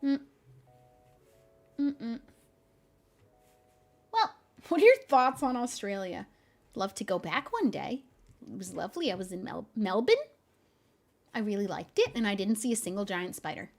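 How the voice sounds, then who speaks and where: A young woman streaming from home, chatting casually with viewers, laughing often and speaking in a gentle, encouraging way. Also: mid-range voice, sing-song, measured pace, long pauses. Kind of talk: casual chat reading viewer messages.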